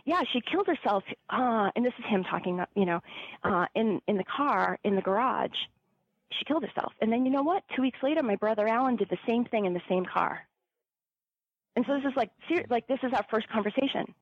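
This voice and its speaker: A woman's voice: fairly high pitch, brisk, no echo, highs cut off. A woman casually telling a personal story, full of fillers, who acts out the people she quotes. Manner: chatty, many fillers, acts out quoted voices. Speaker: storyteller guest.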